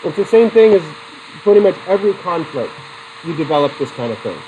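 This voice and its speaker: A man's voice: a little high, very animated, fairly quick, dark tone, a little hiss or hum, low-quality recording. Guy teaching psych class, rambly and casual, keeps asking the students questions, laughs a lot. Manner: chatty, digressive, poses questions to the class; laughs often between points. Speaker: psychology instructor. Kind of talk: classroom lecture.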